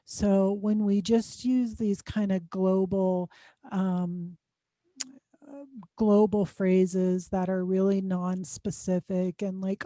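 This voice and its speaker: A woman's voice: medium pitch, flat delivery, slow pace, dark tone, no room sound. A woman speaking as a guest expert in an interview, explaining advice conversationally with frequent "um" fillers. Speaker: guest expert on student success.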